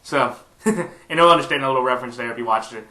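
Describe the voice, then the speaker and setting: Talking fast in a sharp, mid-range voice, this sports picks YouTuber sounds congested as he gives his weekly football picks. The casual, rambling monologue has lots of fillers and restarts, recorded in an echoey room.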